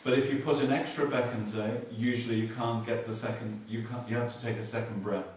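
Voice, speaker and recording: A man giving a Buddhist teaching, explaining slowly and repeating key words, with dry humor. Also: mid-range voice, fairly even intonation, a little hiss or hum. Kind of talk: dharma teaching. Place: meditation hall. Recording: echoey hall from far off.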